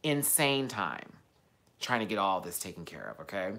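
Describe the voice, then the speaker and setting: A man telling a story as a casual vlog rant, sassy and profane, swinging from loud outbursts to low muttered asides. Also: very animated, moderate pace, creaky, a little hiss or hum. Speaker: vlogger.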